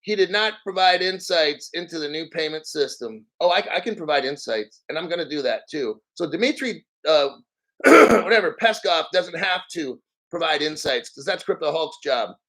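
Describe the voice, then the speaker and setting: A man hosting a crypto channel, giving a profane, combative rant on a news article with a mocking tone. He clears his throat often. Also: fairly high pitch, lively intonation, moderate pace, fairly bright tone, rough recording. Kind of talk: ranting commentary on a news article.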